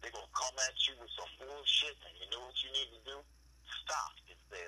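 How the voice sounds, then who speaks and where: A man's voice: mid-range voice, a little fast, a crowd in the background, poor audio. A man talking casually with his son, giving fatherly advice and acting out both sides of family arguments. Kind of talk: casual heart-to-heart talk.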